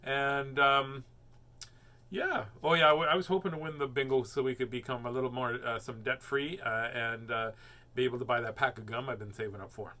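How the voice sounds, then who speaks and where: A man's voice: mid-range voice, fairly even intonation, fairly quick, bright, forceful tone. A man hosting a home reading show, chatting casually with lots of jokes and fillers. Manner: rambling, jokey, many fillers. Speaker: host reading children's books. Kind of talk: casual chat.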